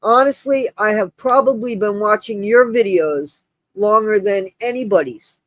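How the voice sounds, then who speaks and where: A man's voice: high-pitched, measured pace, no echo. Effusive, breathless male stream host. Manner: effusive, rambling, with many restarts and shout-outs. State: short of breath. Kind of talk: casual live-stream chat.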